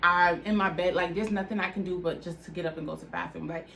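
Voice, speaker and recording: A woman's voice: on the low side, steady tone, fast talker, gravelly, pushed and bright, slight background noise. Candid woman vlogger sharing her faith story. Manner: candid, conversational, heartfelt, with frequent "like" fillers. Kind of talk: personal testimony vlog.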